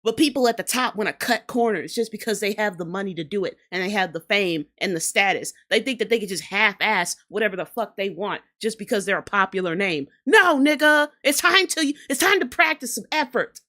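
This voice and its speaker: A woman's voice: medium pitch, animated, fairly quick, few pauses, bright, forceful tone. A woman with a New Orleans accent hosting a casual reaction show, talking bluntly and profanely in heated rants. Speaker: host reacting to rap videos.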